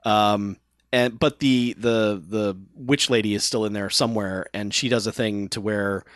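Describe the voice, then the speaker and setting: A man casually recapping a movie with a friend, relaxed, laughing along and supplying plot details. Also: on the low side, measured pace, dry recording, studio quality.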